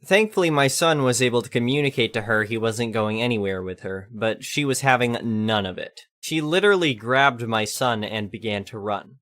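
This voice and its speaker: A man's voice: medium pitch, lively intonation, moderate pace, few pauses, a bit bright. Man reading a storytime post. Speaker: narrator. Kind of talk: storytime narration of an online post.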